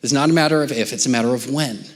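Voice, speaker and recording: Speaking very fast, a middle-aged pastor chats with his church through a conversational sermon, his pitch sitting mid-range. His voice frequently falls to a soft near-whisper, and each word rings out in the hall's long reverb.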